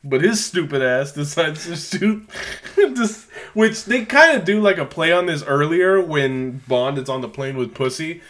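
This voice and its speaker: A man's voice: on the high side, animated, measured pace, fairly bright tone. A man co-hosting a casual movie recap chat, joking wryly and laughing along. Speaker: podcast co-host.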